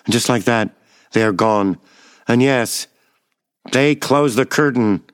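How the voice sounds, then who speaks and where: A man giving a measured, wry first-person reading of a personal memoir. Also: medium pitch, no echo, studio quality.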